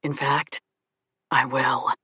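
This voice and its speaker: A woman's voice: a bass voice, flat delivery, slow, bright, forceful tone, slightly rough, dry recording, clean studio sound, pitched below the performer's own voice, exaggerated voice. A woman voicing a cocky young male doctor who teases playfully in an audiobook romance. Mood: smug teasing. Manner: smug, playful teasing.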